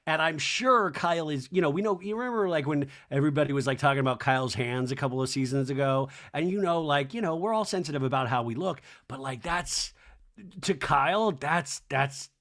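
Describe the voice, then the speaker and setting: A man hosting a podcast, recapping reality TV in a chatty, animated, profane way. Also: a little high, brisk. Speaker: podcast host.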